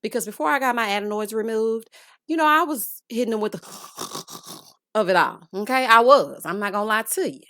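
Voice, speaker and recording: A woman's voice: on the high side, animated, fast talker, pushed and bright, no echo, clean studio sound. A woman hosting a casual reality TV recap, sassy and chatty, calling viewers honey and child.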